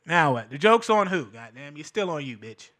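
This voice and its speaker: A man's voice: on the high side, sing-song, normal speed, noisy background. A man hosting a show, delivering a casual, profane commentary monologue and laughing between his points. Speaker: show host.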